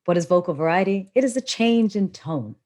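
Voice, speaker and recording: A woman hosting a live webinar as a public speaking coach. She teaches with animated, expressive delivery and wide swings in tone, speaking into a laptop on a video call. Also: on the low side, a little fast.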